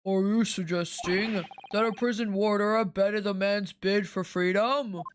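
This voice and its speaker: A woman voicing stern, formal male officials, a prison governor and a judge, speaking in a commanding, measured way. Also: mid-range voice, steady tone, a little hiss or hum, natural voice. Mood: grave. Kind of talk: voicing game dialogue on a live stream.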